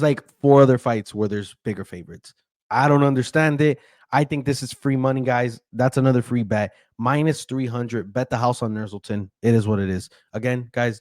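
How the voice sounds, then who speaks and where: A man's voice: mid-range voice, darkish tone, no echo. A man hosting a casual fight-betting breakdown, talking loosely with frequent ums and stumbling over fighters' names. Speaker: betting analyst host.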